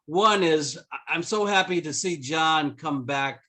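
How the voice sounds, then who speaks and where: A man's voice: on the high side, measured pace, pushed and bright. A man giving jovial, earnest remarks at a club meeting. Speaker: club member.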